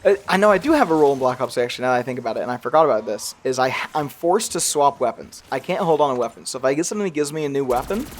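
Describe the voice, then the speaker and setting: A man's voice: mid-range voice, expressive, rapid-fire, hardly any pauses. Rambling young man with a slight accent. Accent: slight regional accent he tries to hide. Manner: rambling, self-deprecating, laughs often. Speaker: gaming youtuber. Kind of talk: casual gameplay commentary.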